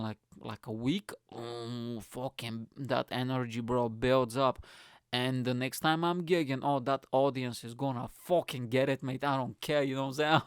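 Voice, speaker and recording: Medium in pitch and clean in tone, this man's voice comes through a dry, studio-quality recording. On his comedy podcast he rants casually and animatedly, cursing freely and tacking "mate" and "bro" onto the ends of his lines.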